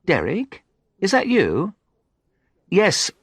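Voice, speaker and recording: A man voicing a flustered, defensive woman who is a friend, talking in quick, rising protests. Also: high-pitched, wildly swooping pitch, fairly bright tone, slightly rough, dry recording, studio quality, voice pushed up, full character voice. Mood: confused.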